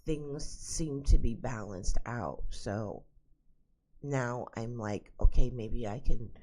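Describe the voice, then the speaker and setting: Woman, casual vlog at home, exasperated storyteller, husky, dark tone. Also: extremely low pitch. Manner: chatty, exasperated storytelling with frequent asides. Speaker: psychic vlogger. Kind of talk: casual talk to camera. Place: at home indoors.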